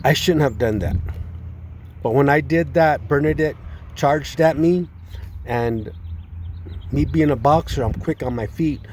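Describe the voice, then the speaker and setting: A man giving a personal testimony. He speaks in a halting, earnest and distressed way, often restarting and repeating words. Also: fairly high pitch, darkish tone, slight background noise. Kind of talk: personal testimony, spoken retelling.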